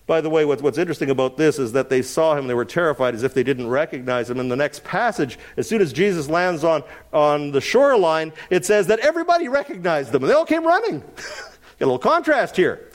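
A middle-aged man preaching an expository sermon, swinging between loud emphasis and quiet asides. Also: a little high, big pitch swings, quick pace. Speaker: pastor.

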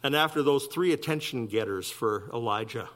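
A man preaching a sermon, his voice swinging from soft, low asides to loud, high emphasis. He speaks in a middle register and presses hard on key points. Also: moderate pace. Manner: animated preaching, rising loud and high for emphasis, dropping soft for quiet lines. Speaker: pastor.

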